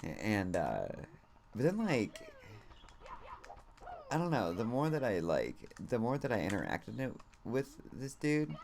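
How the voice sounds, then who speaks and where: A man's voice: medium pitch, huge pitch swings, slow pace, creaky, pauses often, a little mellow. A man streaming a game and telling a story in a loose, casual way, rambling and packing his talk with "like" and "you know", with some casual swearing.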